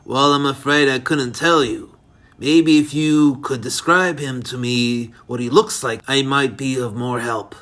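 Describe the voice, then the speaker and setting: A man reading as a jolly, grinning old gentleman. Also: mid-range voice, fairly even intonation, measured pace, close to an everyday voice. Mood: amused. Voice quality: dry, sawdusty voice. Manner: polite, leisurely.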